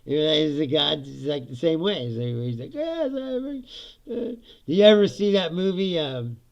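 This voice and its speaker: A man's voice: on the high side, normal speed. A man hosting a casual ranting monologue, profane and laughing often as he talks. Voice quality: gravelly. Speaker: podcast host. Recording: dull lo-fi sound.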